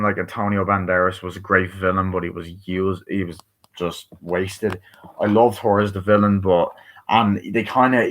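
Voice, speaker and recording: Weary male vlogger with a lowish voice, reviewing a film in a loose, rambling way, peppered with swearing and filler words. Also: fairly bright tone. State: tired. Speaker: movie reviewer. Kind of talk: casual spoken movie review.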